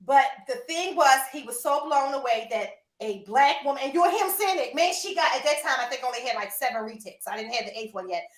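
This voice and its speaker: Woman host, animated storyteller who laughs a lot and speaks straight to her audience; high voice, echoey room. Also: fairly quick, few pauses. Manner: animated, laughing, addresses listeners as y'all. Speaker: podcast host. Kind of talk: casual storytelling chat.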